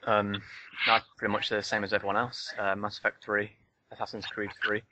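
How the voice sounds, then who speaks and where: A man's voice: on the low side, completely flat delivery, a little fast, sharp tone, slight background noise, low-quality recording. A man chatting casually on a podcast, laid-back and a little hesitant. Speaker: forum moderator, podcast guest. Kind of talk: casual chat.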